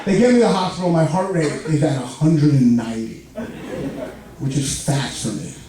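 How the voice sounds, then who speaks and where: A young man with a lisp telling an animated stand-up comedy story on a club stage, jumping into loud, high outbursts. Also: moderate pace, noisy background. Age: young adult. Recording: echoey club, far mic, laughing crowd. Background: audience laughter.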